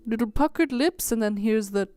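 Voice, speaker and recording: A woman's voice: a little high, moderate pace. A woman hosting a comedy science interview, playful and teasing with mock-dramatic gasps. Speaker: comedy show host interviewing a guest. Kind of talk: comic interview banter.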